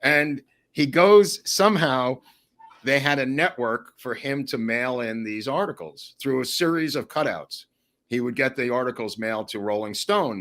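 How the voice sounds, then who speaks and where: A man chatting as a podcast guest, telling animated, rambling stories to the host. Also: mid-range voice. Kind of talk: casual storytelling.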